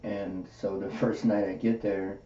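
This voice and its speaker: A man's voice: fairly low pitch, a little slow. A man hosting a podcast, telling a personal story casually and acting out the quoted dialogue. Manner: animated, acts out quoted dialogue. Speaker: podcast host. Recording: roomy, distant, dull with faint hiss.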